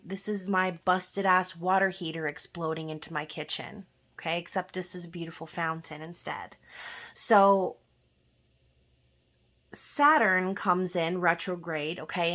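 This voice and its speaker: A woman's voice: fairly low pitch, fairly even intonation, unhurried, fairly bright tone. A woman giving a casual tarot reading who talks to her viewers directly and often ends a point with "okay?". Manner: conversational, often adds "okay?" at the end of a point. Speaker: tarot reader.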